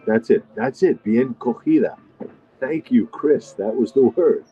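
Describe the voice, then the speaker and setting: Eating in a diner, a middle-aged livestream host rambles and responds to viewer comments. He has a warm, expressive mid-range voice and speaks a little slowly. Faint music plays under a dull, lo-fi recording.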